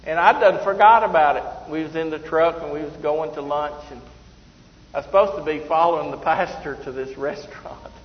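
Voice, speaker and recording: A man's voice: on the high side, fairly quick. A man preaching a sermon, telling folksy stories and laughing at himself. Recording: roomy hall, slightly dull sound.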